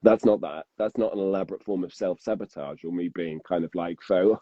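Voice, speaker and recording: A man's voice: sits low, a little fast, warm tone, no room sound, muffled recording. A man, a narrator and podcast guest, talking casually and rambling, restarting sentences and laughing often.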